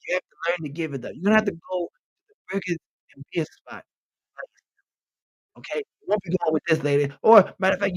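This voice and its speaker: A man with a high-pitched speaking voice hosts a comedy segment, dishing out blunt, profane mock-medical diagnoses. His delivery is direct and unfiltered. He sounds close to the mic in a dry, dead space. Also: slightly rough, no room sound, rough recording. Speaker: podcast host. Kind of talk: comic advice bit reading messages aloud.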